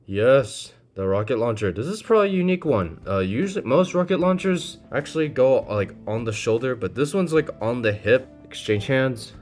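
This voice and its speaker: A man casually reviewing a model kit, playful and self-deprecating, with frequent excited exclamations. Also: mid-range voice, normal speed, few pauses, soft background music. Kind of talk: casual hands-on product review.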